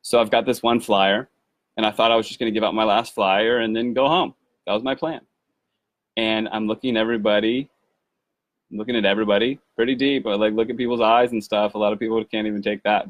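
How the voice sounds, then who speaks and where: A man's voice: fairly low pitch, dry recording. A man telling a rambling, enthusiastic personal story to his viewers, with many restarts. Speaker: activist video maker. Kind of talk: casual storytelling to camera.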